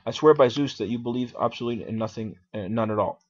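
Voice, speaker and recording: A man's voice: medium pitch, fast talker, no echo, close to an everyday voice. A man reading as a curt, insistent accuser. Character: blunt male accuser in court. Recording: dull lo-fi recording.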